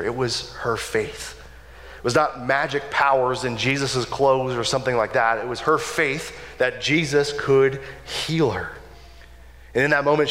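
A man preaching a sermon in a relaxed, conversational way, often checking in with "right?". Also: medium pitch. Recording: long hall reverb.

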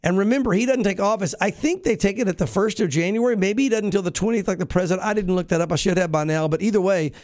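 Brief: man, pastor and host, high pitched voice, dry close sound, preachy emphatic commentary. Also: fast talker, few pauses, darkish tone, dry recording. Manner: emphatic, preachy, with frequent restarts. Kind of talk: news reading and opinion commentary.

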